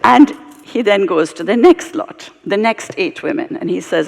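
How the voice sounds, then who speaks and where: Brief: British woman, expressive onstage storyteller, gravelly edge, live hall echo. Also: lowish voice, moderate pace. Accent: British English. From Britain, of Indian heritage. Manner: animated, expressive storytelling with asides. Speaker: storyteller and guest speaker.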